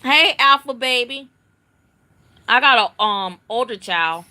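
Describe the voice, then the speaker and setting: A middle-aged woman tells a family story on her livestream, chatty and animated. Her voice sits a little high and rings bright and forceful. She slips into the voices of the people in her story. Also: slow. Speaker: livestream host. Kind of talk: casual storytelling chat.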